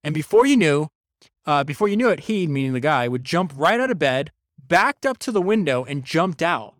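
A man hosting a podcast, summarizing a biography in a casual, energetic storytelling manner with quick asides and restarts. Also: on the high side, dry recording, clean studio sound. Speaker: podcast host reviewing a biography.

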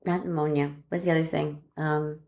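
A woman's voice: low voice, moderate pace, gravelly, echoey room. A middle-aged woman casually telling a family story, acting out what relatives said. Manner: animated, acts out family members' lines.

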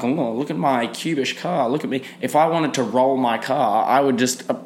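Rambling young man ranting. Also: medium pitch. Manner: casual, rambling, frequent fillers and restarts. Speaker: podcast host. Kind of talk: solo podcast rant.

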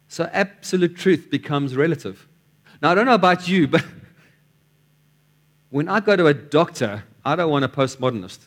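Addressing his congregation, a man preaches in a fairly bright voice on the high side. His sermon is conversational and full of anecdotes, with restarts and repeated words as his points take shape.

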